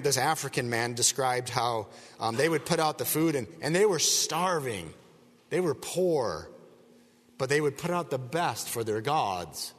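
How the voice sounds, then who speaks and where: A man's voice: mid-range voice, long reverb tail. A man giving a verse-by-verse Bible teaching, talking conversationally and digressively, often checking in with the listeners with rhetorical asides.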